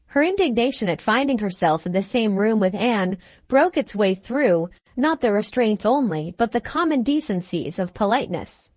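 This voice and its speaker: A woman narrating a classic novel with measured, even storytelling. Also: medium pitch, dry recording. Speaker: audiobook narrator. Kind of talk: scripted narration of a Victorian novel.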